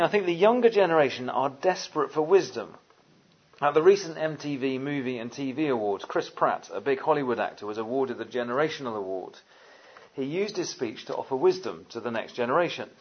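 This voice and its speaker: A man's voice: medium pitch, slightly rough, dull audio. A man preaching a sermon in an earnest, conversational way, with frequent fillers.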